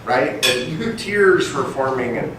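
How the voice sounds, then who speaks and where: An older man giving a storytelling talk to a group, animated and acting out the dialogue in his anecdotes. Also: mid-range voice, takes it slowly. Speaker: guest speaker. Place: meeting room with an audience. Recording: echoey room, distant mic, faint noise.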